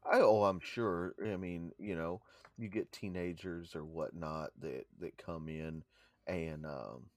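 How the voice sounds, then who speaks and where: A man's voice: deep voice, steady tone, slow pace, a little mellow, no room sound. A man co-hosting a casual podcast, agreeable and hesitant, with many fillers. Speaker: podcast co-host.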